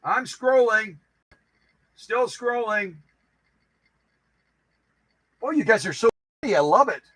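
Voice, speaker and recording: High, bright-voiced playful man. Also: animated, takes it slowly, no echo, rough recording. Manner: playful and goofy, jokes and repeats phrases. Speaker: live stream host. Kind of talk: casual live stream chat greeting viewers.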